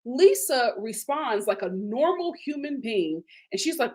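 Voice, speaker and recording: Animated woman recapping reality TV. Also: measured pace, hardly any pauses. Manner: animated and indignant, voice jumps high in outrage; casual, with fillers and slang. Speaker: host. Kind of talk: live TV recap commentary.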